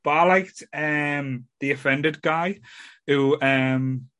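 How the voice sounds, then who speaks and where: A man's voice: fairly high pitch, fairly even intonation, slow, a bit bright. Rambling man hosting a podcast. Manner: rambling, repeats "like I say". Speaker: podcast host. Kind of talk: casual chat.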